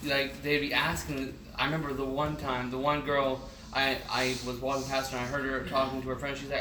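A man's voice: medium pitch, flat delivery, fairly quick, hardly any pauses, bright, forceful tone. A young man from the congregation sharing a story in a hesitant way, full of "like" and restarts. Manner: hesitant, many "like" fillers and restarts. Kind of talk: casual testimony. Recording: distant echoey room with background noise.

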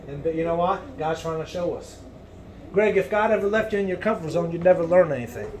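A man preaching a sermon in a loud, emphatic way, swinging between booming lines and hushed ones. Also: fairly quick, a little hiss or hum.

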